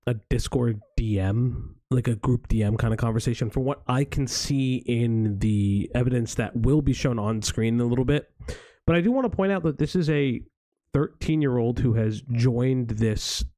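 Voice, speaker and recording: A man with a dark, mellow voice gives heated commentary as a stream host. He swears freely and keeps climbing into exasperated, disbelieving outbursts. The sound is dry and close. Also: mid-range voice, normal speed, no room sound. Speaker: stream host reacting to a video.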